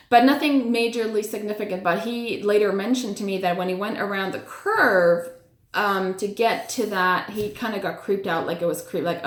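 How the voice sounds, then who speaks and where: A woman casually telling a personal story, full of "like" and "you know", acting out her own reactions as she goes. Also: medium pitch. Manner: chatty, many "like" and "you know" fillers; animated retelling with acted-out reactions. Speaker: storyteller sharing personal spiritual experiences. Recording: echoey room.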